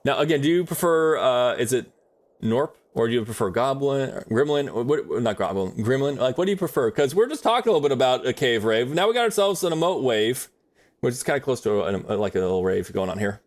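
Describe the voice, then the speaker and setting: A man's voice: medium pitch, expressive, brisk. A man chatting casually on a livestream while drawing, rambling in a friendly way with many fillers and restarts.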